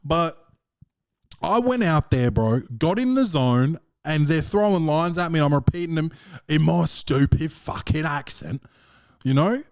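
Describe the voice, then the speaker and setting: A man's voice: a little high, expressive, measured pace, no echo, clean studio sound. An Australian man hosting a podcast as a comedian, rambling and profane, peppering his talk with slang. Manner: profane, rambling storyteller, slangy with repeated "bro". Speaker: podcast host and stand-up comedian. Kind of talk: casual rambling monologue.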